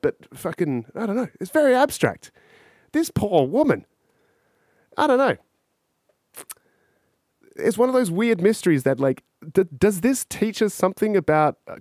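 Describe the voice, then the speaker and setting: Rambling, profane podcast host. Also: male voice, medium pitch, a little mellow, dry recording, studio quality. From Australia. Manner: rambling, profane, musing aloud to listeners. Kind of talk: casual podcast monologue.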